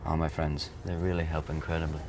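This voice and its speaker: A man's voice: rumbling low, level tone, brisk, a little mellow, a little hiss or hum. An American man in his thirties, talking in a rambling, playful way in an interview, often slipping into comic voices. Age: 30s. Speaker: interviewed actor. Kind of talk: playful press junket interview.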